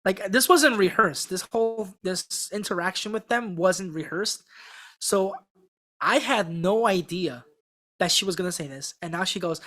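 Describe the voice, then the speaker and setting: Rather low for a woman, this guest rambles through her account in a loose, chatty flow, stacking fillers and false starts. She sometimes acts out the people in her story with mock excitement. The whole thing sounds like a relaxed podcast chat. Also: moderate pace. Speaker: singing contestant guest on a podcast. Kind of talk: casual storytelling interview.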